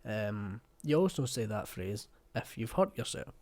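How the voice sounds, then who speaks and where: A man's voice: lowish voice, very animated, unhurried, darkish tone. A man with a West of Scotland accent hosting a reaction video, talking casually, swearing bluntly and joking.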